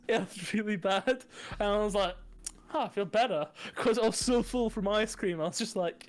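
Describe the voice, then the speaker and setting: Laughing podcast co-host. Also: male voice, high voice, moderate pace. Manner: animated, laughing storyteller who swears. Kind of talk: casual chat.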